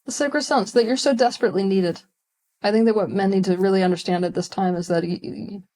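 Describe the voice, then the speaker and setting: Impassioned woman guest, low-pitched. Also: a little mellow. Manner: emphatic, impassioned. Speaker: guest, spiritual teacher. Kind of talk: casual interview conversation.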